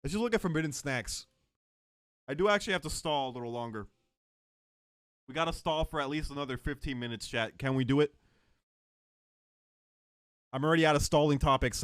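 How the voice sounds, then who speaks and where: A man's voice: fairly high pitch, fairly quick, long pauses, clean tone, no room sound, clean studio sound. A man streaming live, chatting casually and joking with his chat. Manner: joking, animated, talks to chat.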